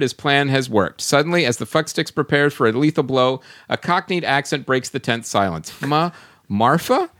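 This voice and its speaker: A man's voice: medium pitch, a bit bright. A man hosting a casual podcast, reading listener comments aloud and laughing often as he goes. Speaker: podcast host.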